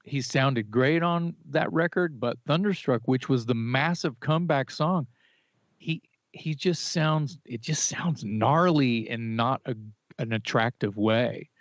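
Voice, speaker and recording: A man's voice: medium pitch, dry recording. Opinionated man on a dull, dry podcast mic. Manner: opinionated, animated, with restarts and fillers. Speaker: podcast co-host. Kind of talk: casual music chat.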